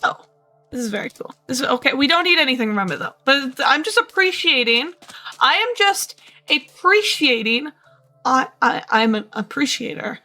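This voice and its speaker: Bright, chatty woman streamer. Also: sits high, expressive, normal speed, soft background music. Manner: chatty, rambling, self-talking. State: tired, short on sleep. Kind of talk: casual gameplay commentary.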